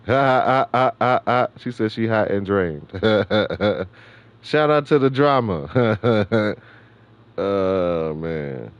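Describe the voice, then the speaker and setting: A man's voice: on the low side, lively intonation, extremely slow, no room sound, lo-fi sound. A middle-aged man from New York City hosting a gaming livestream, rambling in slangy casual chat and laughing often. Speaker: livestream host.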